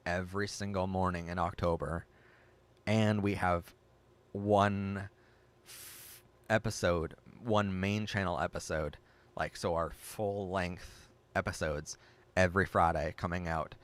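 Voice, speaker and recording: An excitable man hosting a casual livestream, reading chat aloud and reacting with gasps. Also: deep voice. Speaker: livestream host.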